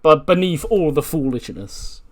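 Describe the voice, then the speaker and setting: A man's voice: fairly high pitch, animated, a little slow, a little mellow. Chatty man recapping a wrestling game. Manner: chatty, laughs often, retells events with acted quotes. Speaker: gaming video creator. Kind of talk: casual game playthrough commentary.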